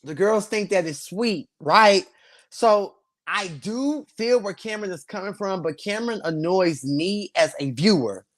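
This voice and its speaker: A man hosting a live stream, reviewing a reality show in sassy slang. He talks casually to his viewers and laughs often. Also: measured pace. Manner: sassy, slangy and animated, swinging between loud bursts and low asides; laughs often while talking.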